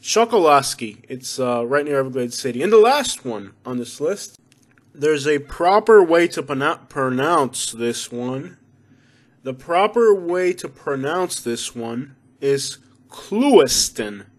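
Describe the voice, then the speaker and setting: A man's voice: mid-range voice, animated, measured pace. A young man from Florida with a Southern accent, vlogging casually with a jokey, rambling, self-mocking manner. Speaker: YouTube vlogger. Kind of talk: casual joking vlog.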